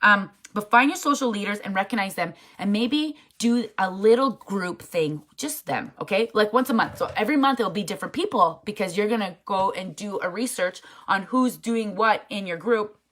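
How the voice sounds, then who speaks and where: A woman's voice: mid-range voice, normal speed, hardly any pauses, fairly bright tone. A woman who leads a network marketing team, giving a casual, chatty motivational talk in a frank, emphatic manner.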